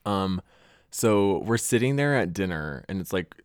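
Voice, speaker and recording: A young man co-hosts a podcast in a casual, crude storytelling chat, laughing often. His voice sits fairly low but swings widely in pitch. The sound is dry and close. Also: animated, unhurried, smooth, no echo. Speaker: podcast co-host.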